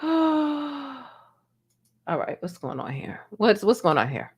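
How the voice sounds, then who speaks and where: A woman's voice: on the high side, huge pitch swings, slow pace, husky. A woman from Baltimore hosting a casual live-stream commentary, sassy and goofy, sleepy from being up before dawn.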